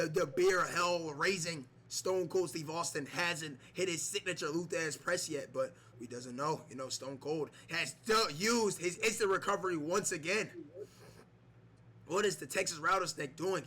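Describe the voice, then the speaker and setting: A man giving mock wrestling play-by-play over a video game, excitable, with many fillers and shouts on big moves. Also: on the high side. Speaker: gameplay commentator.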